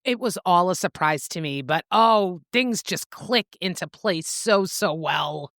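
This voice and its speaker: A woman's voice: lowish voice, animated, a little slow, a bit bright, no room sound, clean studio sound. A woman co-hosting a book podcast, animatedly retelling a novel's plot and swearing freely. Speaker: podcast co-host. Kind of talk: casual book-club recap.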